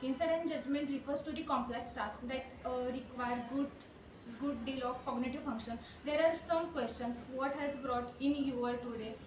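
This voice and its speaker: High-voiced woman presenting from afar. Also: fairly even intonation, noisy background. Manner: halting, with filler pauses. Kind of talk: classroom presentation. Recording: distant voice in an echoey room.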